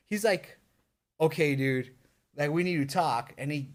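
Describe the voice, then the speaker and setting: Animated young man telling a story. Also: a little high, a little slow. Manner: animated, swears a lot, acts out screams. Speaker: podcast co-host. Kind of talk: casual chat, storytelling.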